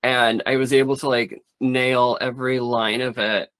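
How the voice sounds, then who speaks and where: A man's voice: medium pitch, flat delivery, normal speed, fairly bright tone, no echo. A man who does stand-up comedy talking in a rambling, candid way, swearing freely in a casual interview.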